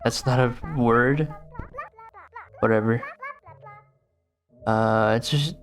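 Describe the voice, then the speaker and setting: A man's voice: mid-range voice, fairly even intonation, extremely slow. A man playing a game on video, reading its text aloud with casual, bemused commentary. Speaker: gaming YouTuber.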